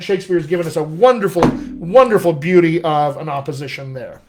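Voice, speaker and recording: A man who is a dialect coach giving an enthusiastic live acting lesson, talking straight to viewers and slowing down to read verse aloud. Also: fairly high pitch, background noise. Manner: enthusiastic, direct, addresses viewers as friends. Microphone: webcam or laptop mic on a live stream.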